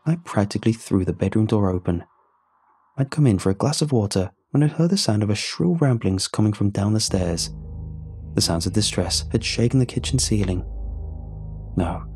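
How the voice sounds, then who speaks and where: A man reads a first-person horror story in calm, measured narration. His voice is low, dark and a little husky, and faint music plays underneath. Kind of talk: scripted narration.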